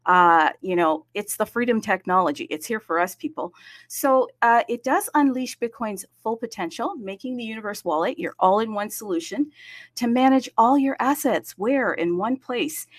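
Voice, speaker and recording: A woman's voice: a little high, lively intonation. A woman hosting a casual livestream, chatty and upbeat, greeting viewers city by city and talking to the audience with frequent fillers. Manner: frequent fillers, self-aware about talking fast. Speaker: livestream host. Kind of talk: casual crypto livestream chat.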